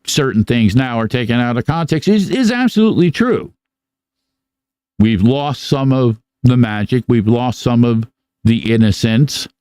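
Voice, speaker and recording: A man's voice: mid-range voice, a little mellow, clean tone, no room sound. A middle-aged man co-hosting a podcast, telling rambling, profane stories in casual chat. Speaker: podcast co-host. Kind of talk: casual live podcast monologue.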